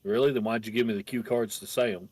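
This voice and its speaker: A man's voice: lowish voice, fairly even intonation, quick pace, darkish tone, husky. A man playing a game with a friend on a stream, explaining the game and teasing his co-player in a dry way. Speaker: guest co-player. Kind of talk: casual gameplay chat.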